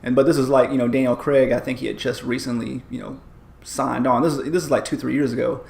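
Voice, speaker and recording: A man's voice: medium pitch, fairly even intonation, fast talker, creaky, darkish tone, echoey room. A man co-hosting a podcast in casual chat, rambling with many restarts and fillers. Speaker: podcast co-host.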